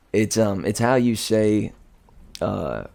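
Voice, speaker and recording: Male story reader in a loose aside, chuckly and self-amused, with a low, creaky voice. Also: lively intonation, very slow, a little mellow. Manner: chatty, self-amused, chuckling, trailing off and restarting. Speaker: audiobook reader. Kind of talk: casual rambling aside.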